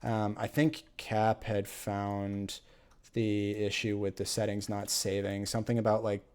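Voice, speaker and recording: A man's voice: on the low side, monotone, unhurried, darkish tone, clear, resonant tone. A man live-streaming a game who is losing his voice, chatting casually, rambling with fillers and reading viewer comments aloud. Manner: rambling, reads chat aloud, many fillers. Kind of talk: casual live-stream chat while playing.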